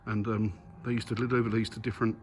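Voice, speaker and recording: A man's voice: fairly low pitch, level tone, fast, darkish tone. A man chatting enthusiastically to viewers as he walks around a museum, filmed on a handheld camera. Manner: enthusiastic, chatty, talks to viewers while walking. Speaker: vlogger. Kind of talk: casual vlog commentary. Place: museum grounds and aircraft halls. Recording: noisy background ambience.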